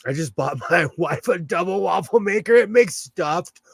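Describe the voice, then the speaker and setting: A man's voice: sits high, animated, normal speed, gravelly, slightly rough, dry recording. A man chatting casually on his live stream, reading the chat and laughing often. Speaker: livestream host reading chat. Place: home in California.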